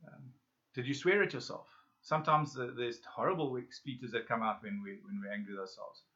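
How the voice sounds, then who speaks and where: A man leading a self-help workshop, speaking straight to his listeners with questions and pauses. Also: mid-range voice, sharp tone. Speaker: workshop facilitator. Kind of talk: guided self-help lesson. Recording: dull lo-fi audio.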